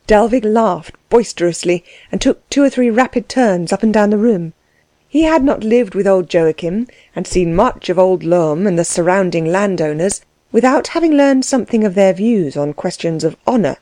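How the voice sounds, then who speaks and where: A woman narrating a novel in a steady, measured reading. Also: medium pitch, dry recording. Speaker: audiobook narrator. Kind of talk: scripted narration.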